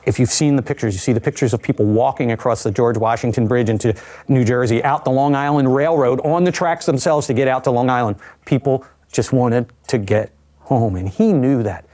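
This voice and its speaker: An older man recounting his own survival in a documentary interview, measured and reflective with vivid asides. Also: medium pitch, darkish tone.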